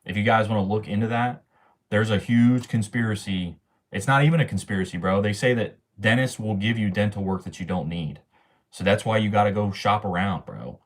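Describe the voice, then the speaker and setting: A young man talks to his livestream chat in a loose, slangy rant full of swearing. His voice sits on the low side, and his talk is offhand and casual. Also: a little fast. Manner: slangy, ranting, swears often.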